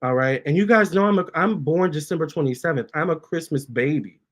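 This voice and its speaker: Chatty man with a high-set voice. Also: fairly quick. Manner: chatty and animated, breaks off to coax his cats. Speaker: tarot reader and channel host. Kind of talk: casual storytime, reading out viewer comments.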